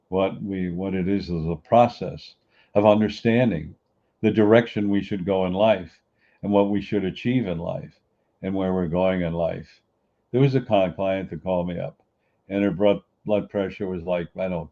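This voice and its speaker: A middle-aged man with a very low, deep voice delivers an earnest motivational talk. He preaches and repeats his points. The recording sounds dull and lo-fi. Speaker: podcast host.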